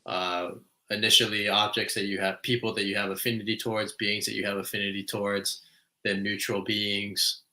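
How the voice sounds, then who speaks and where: A man co-hosting a talk about meditation, explaining teachings in a measured, teacherly way. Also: on the low side, level tone, bright, forceful tone. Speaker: podcast co-host. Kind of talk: casual spiritual discussion.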